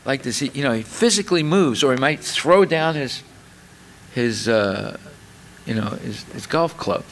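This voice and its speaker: A man's voice: mid-range voice, animated, unhurried, slight background noise. A man giving a spiritual lecture, explaining in a chatty way with many fillers and repeated words, and acting out little scenes with exclamations. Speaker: speaker giving a scripture class.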